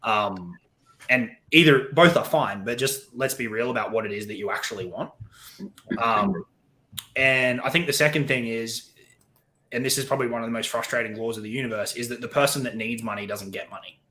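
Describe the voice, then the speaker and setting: Blunt, bright-voiced man. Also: mid-range voice, a little fast. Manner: blunt, swears, quotes himself. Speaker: podcast guest. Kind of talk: casual chat.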